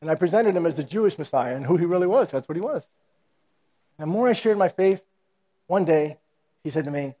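A man's voice: on the high side, lively intonation, fairly quick, long pauses, warm tone. A man preaching a sermon and telling a personal testimony, acting out the dialogue animatedly in a church. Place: church sanctuary. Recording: reverberant hall.

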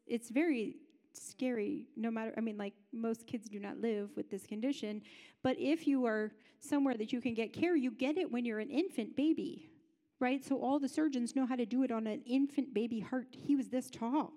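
A woman with a somewhat high voice shares a personal story from the front of a church. She talks casually, like chatting with friends. She slips into the voices of the people in the story as she goes. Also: normal speed, mellow, big-room sound. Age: adult parent. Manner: conversational storytelling that acts out other people's lines. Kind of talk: personal story within a sermon.

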